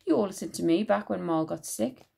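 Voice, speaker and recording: A woman's voice: mid-range voice, animated, a little fast, creaky, mellow, husky, full character voice. A woman voicing a sceptical young boy who questions others and points things out. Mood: earnest.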